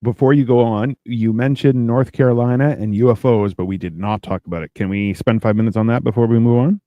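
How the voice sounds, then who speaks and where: A man's voice: medium pitch, fairly quick, no room sound, dull audio. A man co-hosting a casual podcast, telling profane stories and acting out what people said. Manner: animated storyteller, acts out quotes, profane. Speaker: podcast co-host. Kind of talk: casual storytelling chat.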